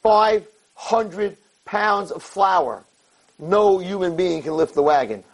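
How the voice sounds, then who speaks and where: A man's voice: sits high, takes it slowly, gravelly, voice pushed up, full character voice, low-quality recording. A man voicing a frantic woman who pleads urgently for help in a spoken parable. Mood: pleading. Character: frantic woman, husband trapped.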